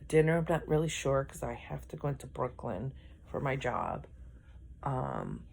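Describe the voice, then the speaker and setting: Slow, gravelly-voiced middle-aged woman. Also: extremely low pitch, sing-song, darkish tone. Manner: rambling, self-correcting, yawning often. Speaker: vlogger. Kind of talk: casual vlog chat.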